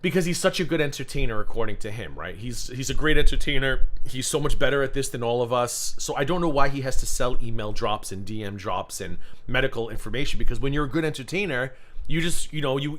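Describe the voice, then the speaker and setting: A man's voice: mid-range voice, fast talker, a bit bright. A man hosting a live reaction stream, talking casually and sarcastically, laughing often and swearing freely. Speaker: livestream host.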